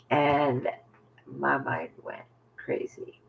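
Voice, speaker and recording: A man telling a personal story to camera in a halting, rambling way, full of fillers and restarts, often sinking to a near whisper. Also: mid-range voice, fairly even intonation, creaky, fairly bright tone, slight background noise, rough recording. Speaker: vlogger.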